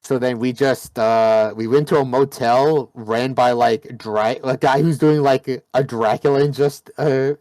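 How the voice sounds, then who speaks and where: A man's voice: mid-range voice, fairly even intonation, measured pace, few pauses, darkish tone. A man in the middle of his range, recapping a tabletop session in a loose, rambling way full of fillers and restarts. His voice is close and dry, with no room echo. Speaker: player. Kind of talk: casual recap of a game session.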